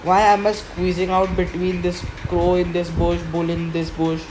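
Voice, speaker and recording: A woman's voice: on the low side, flat delivery, moderate pace, noisy background. A woman commentating her own gameplay, frustrated and complaining as she plays. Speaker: gaming commentator.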